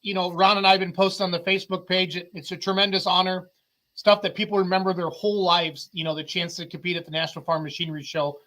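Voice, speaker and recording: High, bright-voiced excitable male host. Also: fast talker. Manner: excitable, laughs often, chatty. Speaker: livestream show host. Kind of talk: casual chat.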